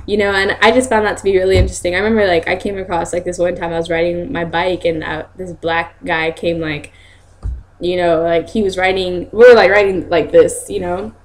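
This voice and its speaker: A woman's voice: fairly even intonation, brisk, a little hiss or hum. Chatty laughing young woman vlogger. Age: young adult. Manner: chatty, laughs often, acts out quotes in high voices. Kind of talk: casual storytelling vlog.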